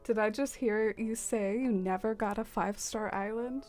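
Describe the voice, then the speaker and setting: Soft background music plays as a woman hosts a casual gaming stream, chatting with viewers, filling her talk with fillers and laughing a lot. She speaks at medium pitch and a moderate pace, with fairly even intonation and a darkish tone.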